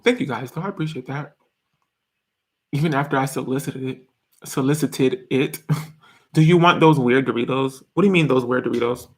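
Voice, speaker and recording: A man's voice: mid-range voice, moderate pace, long pauses. A man in his twenties chatting casually on a live stream, reading viewer comments in a giggly, rambling way. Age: 20s.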